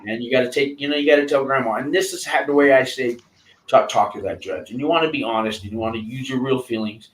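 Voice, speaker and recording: A man's voice: mid-range voice, a little hiss or hum. Rambling man in an echoey room. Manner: rambling, halting, with many restarts and fillers. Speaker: host coaching a guest. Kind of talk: casual advice chat.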